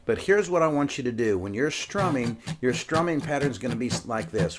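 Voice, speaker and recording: A man giving a casual guitar lesson, coaching step by step and counting beats out loud. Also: mid-range voice, expressive, fairly quick, few pauses. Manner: coaching, repeats instructions, counts beats aloud. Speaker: guitar teacher. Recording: guitar playing throughout.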